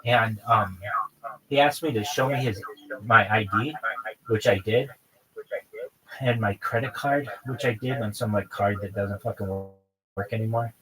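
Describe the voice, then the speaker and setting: A man's voice: fairly low pitch, a little slow, pauses often, poor audio. A man live streaming, talking casually in a profane, rambling, exasperated rant. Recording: crowd chatter in background.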